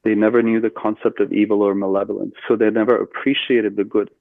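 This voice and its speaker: A man's voice: on the low side, quick pace, creaky, no echo. Man on a tinny phone line. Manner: earnest, steady storytelling with fillers. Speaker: podcast guest. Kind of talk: recounting a personal story.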